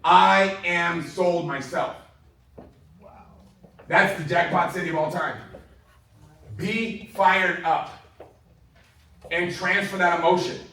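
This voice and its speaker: A man giving an energetic, enthusiastic sales training talk to a room, laughing often between points. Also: high-pitched, slow, creaky, long pauses. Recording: very echoey room heard from far off.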